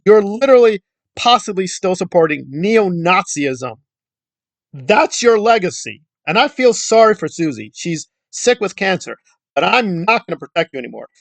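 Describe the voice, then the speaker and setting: A man's voice: sits high, very animated, normal speed, creaky, no echo. Scornful ranting male commentator. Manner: scornful, insulting and repetitive. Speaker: YouTube commentator. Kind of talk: angry commentary rant.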